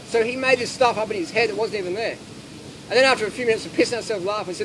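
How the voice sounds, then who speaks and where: A man giving blunt, animated answers and stories to an audience in a casual Q&A at an outdoor gathering. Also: sits high, fast talker. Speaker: speaker answering audience questions. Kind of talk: casual Q&A talk with anecdotes. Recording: noisy outdoor ambience with traffic.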